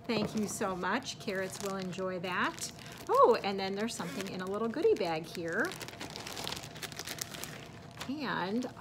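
A woman's voice: mid-range voice, lively intonation, measured pace, noisy background. A woman who vlogs about crochet, chatting casually to viewers as she unboxes gifts, gushing and laughing often. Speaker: crochet vlogger.

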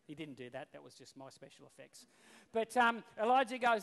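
A male pastor preaching a sermon, telling the story in an animated, casual way. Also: sits high, brisk. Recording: long reverb in a hall.

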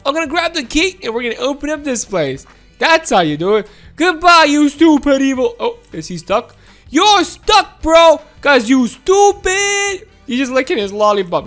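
A woman giving excited gameplay commentary, gasping and laughing as she talks to her viewers. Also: sits high, measured pace, faint music behind. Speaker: gameplay video host.

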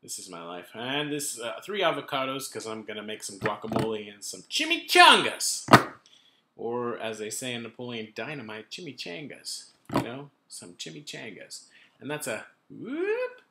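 There's a lot of noise in this roomy recording of a man in his thirties vlogging from a home room with kitchen items. Speaking at a medium pitch in a sing-song way and at a moderate pace, he rambles casually at his laptop camera with self-deprecating remarks.

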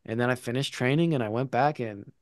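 A man tells a personal story in a loose, comic way, swearing freely and swinging between loud bursts and hushed asides. His voice sits at an ordinary middle pitch. The sound is dry and close, with no room echo. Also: fast.

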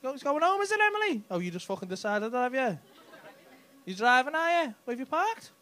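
With an extremely high, pushed and bright voice, this comedian is very animated and fairly quick. He does cheeky, profane crowd work on a club stage, with faint audience laughter behind him.

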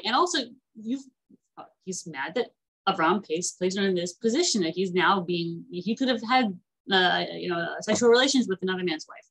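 A woman teaching an online class in a chatty, animated way, acting out the characters as she retells stories. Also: mid-range voice, normal speed, low-quality recording.

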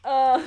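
Woman, high voice, slow talker, goofy laugh, breathless, live stream reaction. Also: darkish tone. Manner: keeps breaking into helpless laughter. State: breathless and lightheaded.

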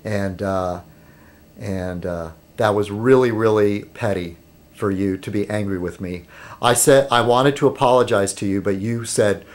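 A man video blogging at home in a rambling casual monologue, halting with fillers and restarts, getting animated when he mimics other people. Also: on the low side.

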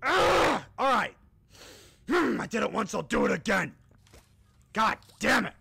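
A man streaming a horror game, swearing and reacting out loud as he plays. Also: high-pitched, big pitch swings, a little slow, vocal fry, breathy edge, no echo. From United States. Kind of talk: horror game livestream commentary.

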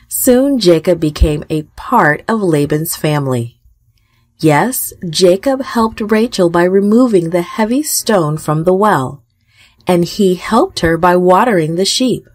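Lady reading bible stories to kids, slow and gentle, voice goes up and down a lot. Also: on the low side, animated, no echo, clean studio sound. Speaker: children's Bible storyteller. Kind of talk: scripted narration for children.

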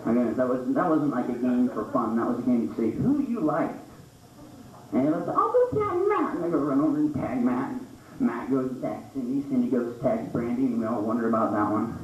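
Stand-up comic in an echoey club. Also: male voice, brisk. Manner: jumps into high squeaky voices for characters. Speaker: stand-up comedian. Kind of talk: stand-up comedy set. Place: small club stage. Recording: roomy, distant, dull club recording with noise.

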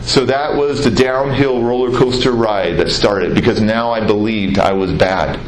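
A man giving an earnest personal testimony speech, telling his story with dramatic pauses and repetition. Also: mid-range voice, fairly even intonation. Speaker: public speaker. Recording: roomy hall, faint noise.

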